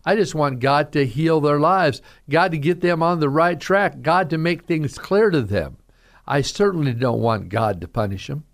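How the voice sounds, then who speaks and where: A man's voice: mid-range voice, gravelly. A man who is a pastor, preaching an earnest radio sermon and speaking straight to listeners as folks.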